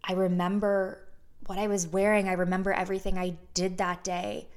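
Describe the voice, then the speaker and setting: A young woman in her twenties talks straight to camera as a casual storyteller. Her voice sits a little low for a woman. She is candid and chatty, swears freely, and restarts her sentences as her thoughts catch up. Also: completely flat delivery, moderate pace. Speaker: vlogger.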